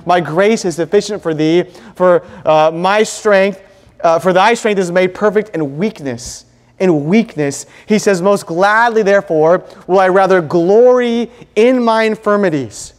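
A man preaching a sermon in a church, earnest and emphatic, repeating points and pausing often. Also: high-pitched, big-room sound. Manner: earnest, emphatic, with pauses and repetition. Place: church sanctuary.

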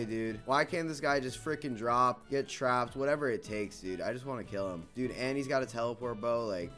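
A man's voice: mid-range voice, fairly bright tone. A young man giving frustrated, swearing commentary over his own gameplay and repeating himself a lot. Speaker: gaming video creator.

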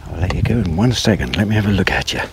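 A man's voice: low voice, animated, rapid-fire, creaky. A man giving chatty running commentary at a lakeside, talking to the fish and the viewer and sometimes dropping to a whisper. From England. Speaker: angler vlogger. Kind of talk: casual running commentary while fishing. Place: outdoors at a lakeside. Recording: loud outdoor background noise. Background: loud outdoor noise, a dog barking.

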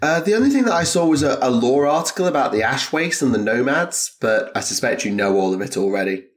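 A man co-hosting a podcast, explaining things in a measured, hesitant way in casual chat. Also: medium pitch, sing-song. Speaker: podcast co-host.

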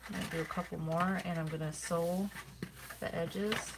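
A woman's voice: fairly low pitch, moderate pace. A middle-aged woman hosting a craft livestream, chatting casually with viewers while she demonstrates and yawns now and then. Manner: chatty and relaxed, with frequent yawns. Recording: steady background noise.

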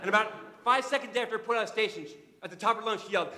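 A man addresses an assembly as guest speaker, telling a story with animated energy and frequent restarts. His voice sits high and bright. The sound carries a long reverb from the hall. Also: racing, slight background noise. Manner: animated, repeats words when starting sentences.

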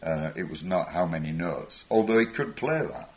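A very animated older man with a low-sitting voice talks at a moderate pace as a musician guest on stage. His anecdotes ramble, and he chuckles and acts out voices throughout.

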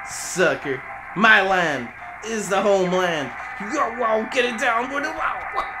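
A man's voice: high voice, expressive, a little slow, music in the background. A man giving casual gameplay commentary, playful and taunting, swearing as he speaks in character as a goose. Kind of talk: casual let's play commentary.

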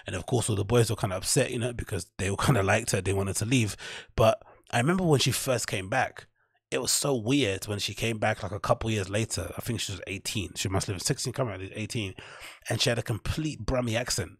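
Husky man, casual podcast talk. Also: fairly low pitch, fairly quick, no echo, clean studio sound. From London. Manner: rambling, tags lines with "right?". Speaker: podcast host. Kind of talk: casual commentary.

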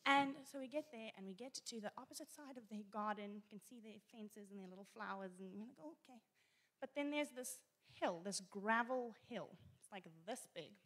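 A woman, a pastor's daughter, telling a story in church in an animated way and laughing often. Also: on the high side, fairly quick. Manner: animated, laughing as she tells it. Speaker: guest speaker, pastor's daughter.

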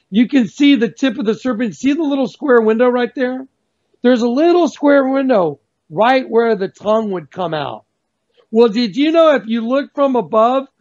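High-voiced man, fervent testimony. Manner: fervent, emphatic, slows down to stress words. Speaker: guest. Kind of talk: excited religious testimony over video call. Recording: dull lo-fi sound.

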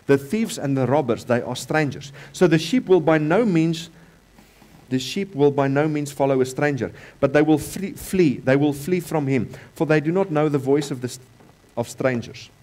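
Emphatic South African pastor preaching. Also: male voice, fairly high pitch, lively intonation, normal speed. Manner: emphatic, repeats key phrases, swings between loud and quiet. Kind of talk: sermon. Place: church.

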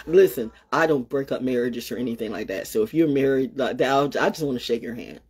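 A woman with a husky, slightly breathy voice hosts her own solo show. She rambles and repeats phrases, curses freely, and swings between loud outbursts and near-murmured asides. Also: a bass voice, quick pace, few pauses. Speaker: show host. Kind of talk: rambling solo livestream talk.

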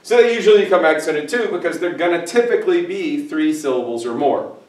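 A man's voice: on the high side, a little fast. A man teaching a Spanish grammar lesson on video, explaining playfully and joking with his cameraman. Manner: playful, jokey, animated asides. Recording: echoey room, distant mic.

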